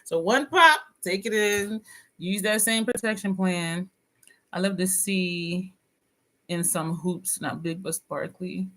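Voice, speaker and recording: A woman's voice: on the low side, takes it slowly, a bit bright. Chatty woman vlogger laughing through stories. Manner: chatty, laughs often, drops into quoted voices. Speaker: beauty vlogger reading viewer comments. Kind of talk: casual chat with live comments.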